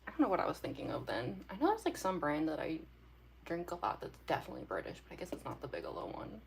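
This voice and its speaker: This young artist streams herself drawing, talking to viewers in a giggly, meandering way full of fillers. She speaks fast in a low, gravelly voice with huge pitch swings and a slight hiss or hum.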